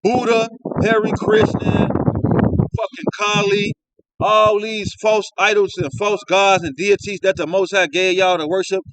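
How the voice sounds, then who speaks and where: A man's voice: sits high, little pitch movement, a little slow, a bit bright, a little hiss or hum, poor audio. A man reading scripture aloud and commenting on it in loose, slangy street talk, often tagging his lines with "man", recorded on a phone. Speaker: street-style Bible teacher.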